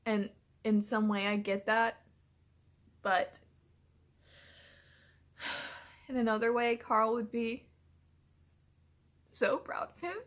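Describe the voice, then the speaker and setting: A woman's voice: a little high, fairly even intonation, slow pace, long pauses. A woman hosting a reaction video, reacting emotionally to a TV episode, swearing freely and talking back to the screen.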